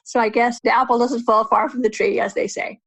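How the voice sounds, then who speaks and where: A woman's voice: on the high side, vocal fry, no room sound. A woman in her forties with a Northern Irish accent, hosting a solo podcast and answering listener questions in a chatty way with frequent laughs, into a USB desk mic at home. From Northern Ireland. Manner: chatty, warm-hearted, laughs often. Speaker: podcast host. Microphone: USB desk microphone.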